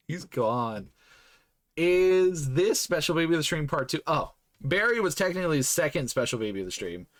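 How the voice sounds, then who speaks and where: A man hosting a podcast stream, chatting casually and goofing around as he signs off. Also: mid-range voice. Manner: jokey, goofy, rambling sign-off. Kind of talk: casual chat while live streaming.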